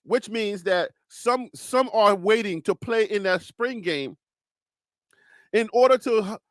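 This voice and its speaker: A man hosting a live sports talk show, speaking in a calm, reassuring, preacher-like cadence and often repeating and restarting phrases. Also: high-pitched, takes it slowly, no room sound, studio quality.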